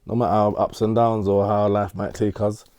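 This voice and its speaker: A man's voice: lowish voice, flat delivery, brisk, a little mellow, smooth, no echo. Middle-aged man, interviewee, rambling storyteller, street slang, dry close sound. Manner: rambling, repeats himself, London street slang. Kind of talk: casual storytelling.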